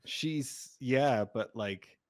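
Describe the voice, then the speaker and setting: Laid back guy on a movie podcast, mid pitch, agrees a lot. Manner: easygoing, agreeable, quick to laugh. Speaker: podcast co-host. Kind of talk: casual film review chat.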